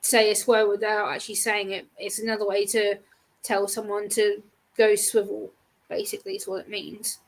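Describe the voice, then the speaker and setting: A woman's voice: mid-range voice, little pitch movement, normal speed. A young English woman chatting as a guest, explaining things casually with lots of "basically.". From England. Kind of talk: casual chat.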